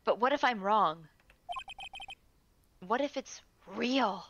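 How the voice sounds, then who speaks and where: A woman reading the lines of a haunted young male prosecutor aloud while playing a game, in a somber, halting way. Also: mid-range voice, lively intonation, dull audio, noisy background.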